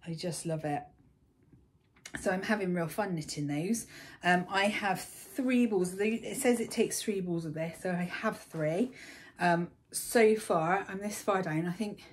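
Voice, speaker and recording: A young woman chatting casually about her knitting projects in a baby's room at home, gushing and breathy, with frequent ums. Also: fairly low pitch, unhurried. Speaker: knitting vlogger. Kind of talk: casual chat.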